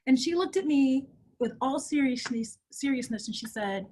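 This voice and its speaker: A middle-aged woman with a husky, fairly high voice tells her story in a lively interview. She acts out the people she quotes and keeps the flow conversational. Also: normal speed. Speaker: guest.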